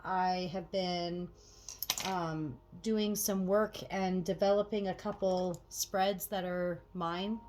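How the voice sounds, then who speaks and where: A woman chatting casually to viewers as she gets ready, swearing freely and getting animated when annoyed. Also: on the low side, slow pace, noisy background. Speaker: tarot reader and channel host. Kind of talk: casual get-ready-with-me chat.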